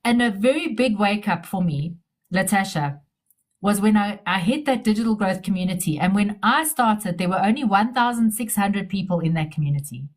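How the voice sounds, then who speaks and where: A middle-aged businesswoman, telling stories in a casual interview, chatty and repeating herself as she restarts sentences. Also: medium pitch.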